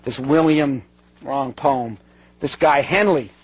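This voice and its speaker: A man's voice: medium pitch, slow, husky. A man giving a conversational talk to an audience, digressive and earnest, often breaking off mid-sentence and circling back. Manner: digressive, self-interrupting, earnest. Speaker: speaker addressing an audience. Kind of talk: conversational talk with read-out quotes. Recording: dull lo-fi recording.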